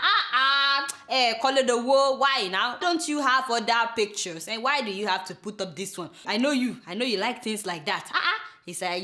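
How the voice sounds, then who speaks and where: A young Nigerian woman hosting a comic news show, talking to viewers in an animated, exclamatory way with chatty asides. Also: fairly high pitch, moderate pace, few pauses. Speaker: satirical news show host.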